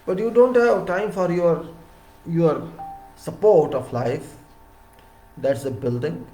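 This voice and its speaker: Indian english guy lecturing, highish voice, repeats himself for emphasis. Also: takes it slowly, reverberant, slight background noise, low-quality recording. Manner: emphatic, repeats words, swings between loud and soft. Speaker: civil engineer giving a talk. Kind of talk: lecture-style monologue.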